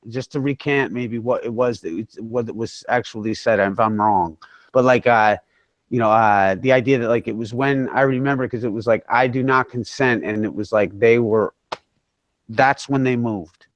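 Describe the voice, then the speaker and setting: A man's voice: medium pitch, no echo. A man hosting a casual open-mic chat, rambling with many fillers and slang like bro and dude. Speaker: host of an open-mic hangout.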